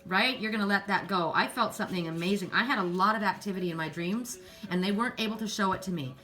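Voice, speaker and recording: A woman doing a casual spiritual card reading. She often repeats words, clears her throat and rises in pitch when excited. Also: fast talker. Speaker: oracle card reader.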